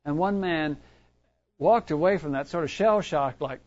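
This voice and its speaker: High-voiced man preaching, lo-fi. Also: measured pace, darkish tone. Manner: conversational storytelling with frequent restarts. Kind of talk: sermon. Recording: dull lo-fi recording.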